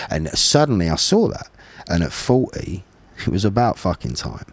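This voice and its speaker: A man in his forties telling a story in a casual podcast conversation, animated and blunt, with plenty of swearing. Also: deep voice, normal speed, slightly rough, dry recording. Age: 40s. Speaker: podcast guest, former bare-knuckle fighter.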